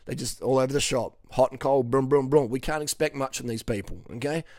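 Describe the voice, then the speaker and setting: A man's voice: medium pitch, a little fast, a little mellow, no room sound, clean studio sound. A middle-aged man from Western Australia, a coach talking bluntly and profanely, often asking "okay?". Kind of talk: casual monologue to camera.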